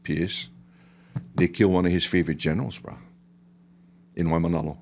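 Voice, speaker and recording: A middle-aged man from Hawaii with a Hawaiian Pidgin accent, telling a story on a podcast in an animated way and dropping to a hush for the dramatic parts. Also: low-pitched, normal speed, a little hiss or hum. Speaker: guest artist and historian. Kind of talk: storytelling in casual podcast talk.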